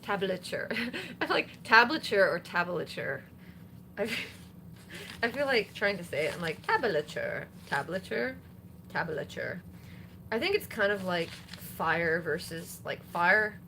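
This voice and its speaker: Strumming guitar in the background, a woman singer-songwriter rambles casually between songs on a live stream, leaning on plenty of fillers. Her mid-range voice swings widely in pitch and sounds pushed and bright at a moderate pace, with a little hiss or hum on the audio.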